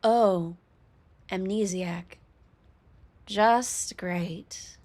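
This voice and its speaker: A woman's voice: mid-range voice, drawn-out words, a little mellow. A woman reading lines as a weary, blunt overworked office woman in a dry, unimpressed tone.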